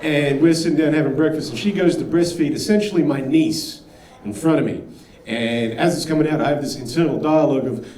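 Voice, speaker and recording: Man from australia, slightly high voice, blunt self-mocking stand-up, echoey far stage mic. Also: fairly quick, a little mellow. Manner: blunt, self-mocking, acts out inner monologue. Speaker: stand-up comedian. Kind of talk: stand-up routine. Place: comedy club stage. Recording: echoey distant stage sound.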